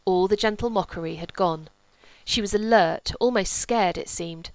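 Woman, audiobook narration, composed, even, dry close sound. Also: mid-range voice, normal speed, no echo, poor audio. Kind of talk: scripted novel narration.

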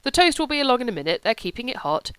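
A hearty, middle-aged ship's purser with a bluff, genial manner, as a woman reading a novel puts him on. The voice is smooth and clear. It is recorded close and dry. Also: a little high, big pitch swings, very fast, fairly bright tone, no echo, voice pushed up.

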